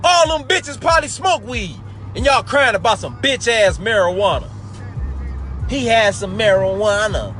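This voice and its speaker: A man's voice: sits high, animated, moderate pace, a bit bright. A man hosting a live talk show, delivering an angry, profane commentary monologue and calling his listeners family. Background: faint background music.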